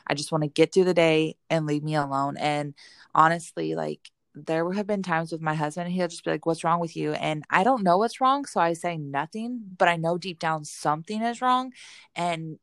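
A woman in her thirties with a low voice talks candidly and rambles, dropping fillers as she goes. The sound is dry and close. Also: moderate pace, dry recording. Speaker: podcast co-host. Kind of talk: casual chat.

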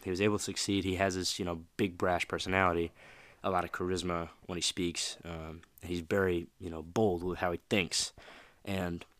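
Low-voiced guy doing a motivational podcast, rambly and pumped, dry close mic. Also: little pitch movement, normal speed, a bit bright, dry recording. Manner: casual, rambling, fired up, talks to listener directly. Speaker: podcast host.

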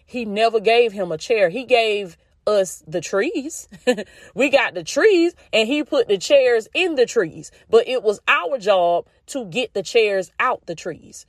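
Taking her time, a podcast host with a Southern US accent offers faith-based motivation in a slightly high voice with lively intonation. Her manner is homespun and folksy, full of repeated phrases and warm calls of "y'all" and "baby." The recording is dry and studio-clean.

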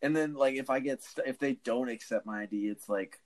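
A man in his early twenties, chatting casually on a podcast and telling lively stories. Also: medium pitch, fairly quick. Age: 20s. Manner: animated storyteller who acts out the people he quotes. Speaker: podcast co-host.

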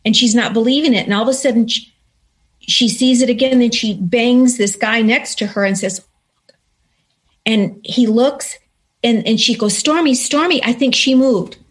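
Woman guest, somewhat high-pitched, earnest and animated as she tells her story. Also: moderate pace, long pauses. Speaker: interview guest. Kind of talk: personal story told in conversation.

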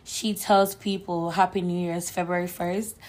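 A woman with a slightly low, hoarse voice co-hosts a casual podcast. She chats in a lively, rambling way, full of fillers as she sets up stories. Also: unhurried. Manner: chatty, animated storyteller with frequent fillers. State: hoarse from shouting. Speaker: podcast co-host. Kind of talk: casual chat.

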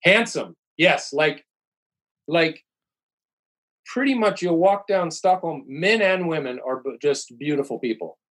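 A man's voice: a little high, expressive, measured pace, a bit bright, rough recording. A middle-aged man, a podcast guest, telling stories in casual chat and rambling through restarts and fillers.

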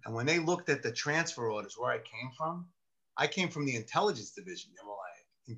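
A man's voice: mid-range voice, a little fast. A man, a retired police officer telling stories in casual chat and acting out the voices of others. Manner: animated storyteller who acts out the voices of others.

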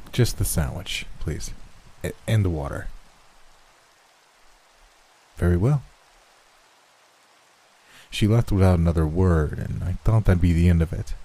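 A man narrating horror stories in a measured, steady scripted reading. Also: deep voice, breathy edge.

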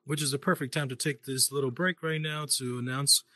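A man hosting a podcast, asking quick, loose questions in casual chat. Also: mid-range voice, steady tone, bright, forceful tone, no echo. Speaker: podcast host.

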